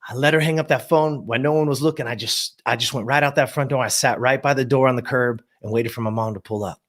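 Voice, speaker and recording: A man's voice: mid-range voice, steady tone, quick pace, fairly bright tone. A man in his fifties, a guest telling a personal story in an emphatic motivational style, repeating words and addressing the audience directly. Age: 50s.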